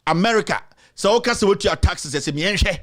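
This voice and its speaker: A man's voice: high voice, lively intonation, fast talker. A man with a Ghanaian accent delivering a heated political rant, repeating his accusations with emphasis. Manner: mixes in another language. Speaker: commentator.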